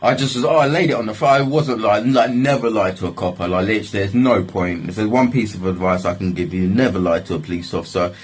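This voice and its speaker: A young man spins a casual story, full of swearing and filler phrases. His voice sits on the low side and has a husky, breathy grain. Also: fast talker, hardly any pauses, rough recording. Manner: swearing, rambling, repeats "like, literally". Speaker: vlogger telling a story.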